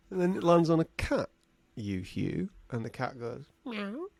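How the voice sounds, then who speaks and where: A man's voice: medium pitch, gravelly, no room sound. A man co-hosting a podcast, spinning a silly improvised story with lots of acted-out voices. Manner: animated, silly, acts out voices. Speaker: podcast co-host.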